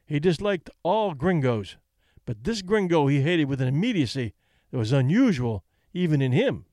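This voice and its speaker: Expressive male audiobook narrator. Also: on the high side, normal speed, no echo, studio quality. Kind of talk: scripted narration.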